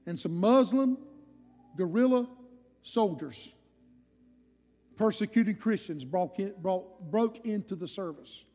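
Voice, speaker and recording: A male preacher telling a story in a sermon, swinging dramatically between loud and soft. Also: high voice, big-room sound.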